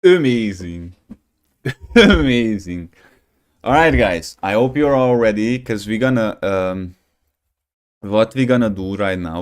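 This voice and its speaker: Rambling young man streaming, slightly low voice. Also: darkish tone, clear, resonant tone. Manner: rambling, jokey, says "bro" a lot, bursts of laughter. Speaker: gaming streamer. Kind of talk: casual live-stream chat.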